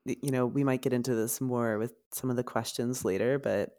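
Low-voiced thoughtful woman guest. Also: steady tone, a little fast, warm tone. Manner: thoughtful, hesitant, many fillers. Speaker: guest therapist. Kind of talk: casual podcast interview.

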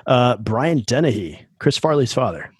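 A man hosts a relaxed podcast quiz, cracking jokes and laughing between questions. His voice is mid-pitched and a bit husky. The sound is close and dry. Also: moderate pace, no echo. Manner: joking, laughs often. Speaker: podcast host running a quiz game. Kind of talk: casual chat.

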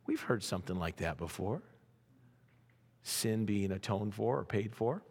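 A man's voice: on the low side, expressive, a little slow, darkish tone, slightly rough. A man preaching a conversational sermon as pastor, often restarting words and checking in with "right?".

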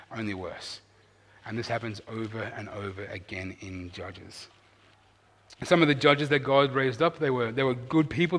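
A man preaching a sermon in an earnest, animated way, rising to loud emphasis and dropping to quiet asides. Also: medium pitch, long reverb tail. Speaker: pastor.

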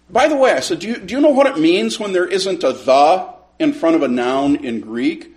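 Middle-aged guy teaching sunday school, lively up-and-down voice, acts out the convo, stumbles over words a lot. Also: a little high, fairly quick. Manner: animated storyteller, acts out both sides of a conversation, repeats words when starting. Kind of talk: storytelling Bible lesson.

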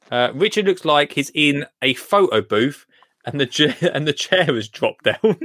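A man's voice: fairly high pitch, lively intonation, slow pace, fairly bright tone, dry recording, studio quality. A British man hosting a live gardening stream, chatting casually, joking and laughing as he reads out viewer comments. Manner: jokey, laughs often, reads comments aloud. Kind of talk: casual chat.

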